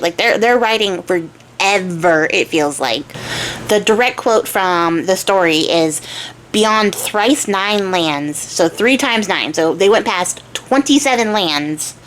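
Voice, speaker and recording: A woman's voice: mid-range voice, animated, slow, fairly bright tone, slight background noise, rough recording. Chatty woman telling a folk tale. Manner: chatty, with frequent fillers. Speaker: crafting channel host. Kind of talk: casual storytelling.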